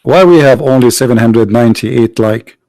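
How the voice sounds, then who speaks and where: A man's voice: medium pitch, moderate pace, mellow, dry recording, low-quality recording. A man hosting a livestream debate, mocking and sarcastic, firing off rhetorical questions in non-native English.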